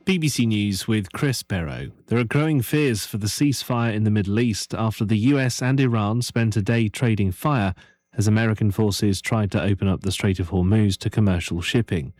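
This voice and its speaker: A male newsreader delivers a radio bulletin in an even, formal manner. His voice sits a little low. The booth sound is completely dry. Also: moderate pace, dry recording. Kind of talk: news bulletin reading.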